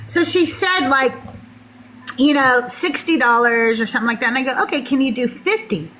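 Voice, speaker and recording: A woman telling a personal story in casual talk, animated and laughing often. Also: sits high, moderate pace, slight background noise, rough recording. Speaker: podcast guest.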